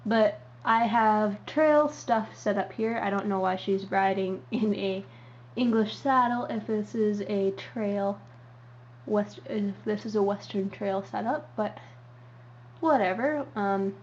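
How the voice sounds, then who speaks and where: The clip is a lo-fi home recording, dull and faintly hissy, of a young vlogger touring her model horse collection in a loose show-and-tell. She takes her time, keeping her mid-range voice steady and dropping in lots of ums and uhs.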